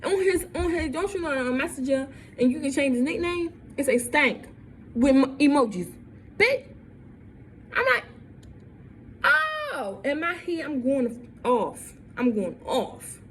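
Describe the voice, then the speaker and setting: A woman's voice: high-pitched, normal speed, slight background noise. A young woman telling a story in a vlog, repeating lines and acting out what people said. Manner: animated, repeats lines, acts out quotes. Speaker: vlogger.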